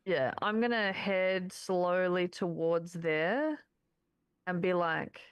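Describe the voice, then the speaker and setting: A woman with a lowish voice plays her turns in a tabletop game, blunt and quick to swear. The recording is dry and close, with no room around her. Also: smooth, dry recording, highs cut off. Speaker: player. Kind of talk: casual play over voice chat.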